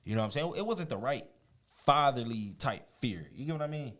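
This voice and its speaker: Speaking briskly in a medium-pitched voice, this man appears as an interview-show guest. He recounts a personal story casually and with animation, laughing frequently and performing the quoted lines.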